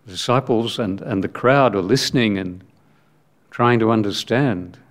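Reading scripture aloud throughout, this preacher delivers his sermon in short, measured, emphatic phrases with long pauses between them. His voice is on the lower side.

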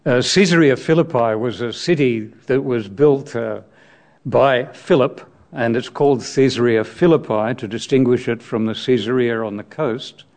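A man's voice: mid-range voice, moderate pace, a little mellow. A man preaching a sermon on scripture, reflective and explaining the text, asking his listeners direct questions.

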